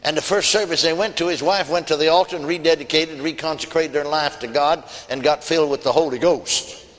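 Man, preacher, folksy storytelling sermon, slightly high voice, long hall reverb. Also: steady tone, a little fast, a bit bright.

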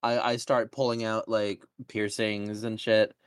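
A tabletop player casually describes what their character does, pausing and restarting now and then. The voice sits at a middle pitch and sounds dry and close. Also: level tone, clean tone, dry recording. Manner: casual, hesitant, describing actions. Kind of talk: tabletop game play.

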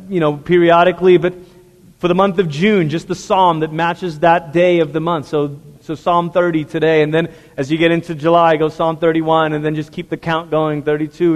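Speaking at a moderate pace in a steady, slightly high voice, a male pastor delivers a sermon to his congregation in church. He's earnest and conversational, frequently asking the listeners questions directly, and a large hall's long reverb surrounds him.

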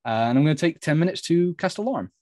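A man's voice: fairly high pitch, lively intonation, quick pace, a little mellow, no echo. A man playing a tabletop game, talking in a rambling way full of fillers as he explains his moves. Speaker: player.

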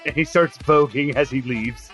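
A man's voice: mid-range voice, a bit bright, muffled recording, soft background music. A man playing a tabletop game, describing his character's actions with playful humor and frequent laughs. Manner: slow, playful, laughs a lot. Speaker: player.

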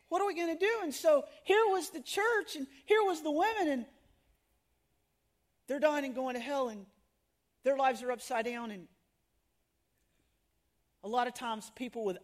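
A middle-aged woman speaks high in her range, giving a sermon to a room of women. She tells her stories with animation, laughs at herself, and puts on the voices of the people she quotes. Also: measured pace, long pauses.

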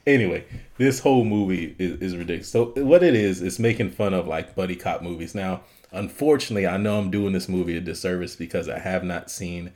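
A man chatting on a movie podcast with a fairly low voice. He laughs often and jumps eagerly between scenes as he tells them. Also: brisk. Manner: laughs often, animated storytelling. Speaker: podcast co-host. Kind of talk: casual chat.

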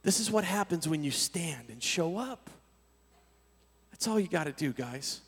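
A man preaching a sermon as a lively story, energetic and full of casual slang. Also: a little high, unhurried, vocal fry, husky. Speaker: pastor. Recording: long hall reverb.

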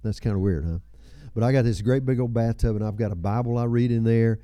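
A man's voice: medium pitch, fast talker, clean tone, no room sound, lo-fi sound. A man in his seventies preaching a sermon, with folksy storytelling, chuckles and personal asides. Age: 70s. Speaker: pastor.

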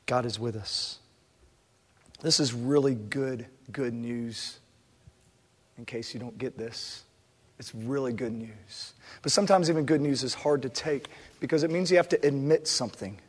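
A man in his thirties, a pastor delivering a sermon, moving from quiet reflection to loud, impassioned preaching. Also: mid-range voice, unhurried, breathy edge. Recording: long reverb of a large hall.

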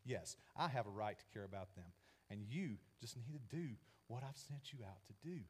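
A man preaching, speaking as God in a calm, firm and reasoning way. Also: medium pitch, moderate pace, slightly rough. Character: patient, merciful divine voice of God.

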